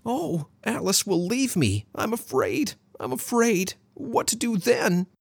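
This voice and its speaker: A narrator doing a squeaky, flustered young man. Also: huge pitch swings, normal speed, slightly rough, no echo, full character voice. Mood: mock-fearful. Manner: squeaky, hesitant.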